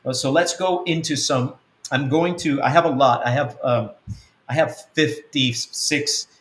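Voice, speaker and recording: An apostle of an online church, a man, answers a question by teaching earnestly through a numbered list, frequently starting his sentences over. His voice is medium in pitch and fairly bright, delivered at an unhurried pace with a roomy sound.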